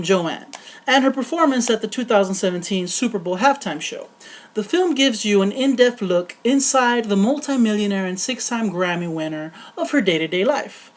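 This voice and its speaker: A woman host reading a scripted film review with earnest tone and wry asides. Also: medium pitch.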